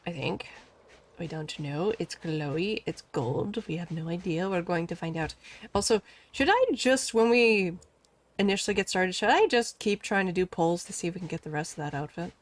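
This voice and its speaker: A woman's voice: fairly low pitch, moderate pace. A woman chatting casually and giggling while live streaming a game, rambling and talking back to the game.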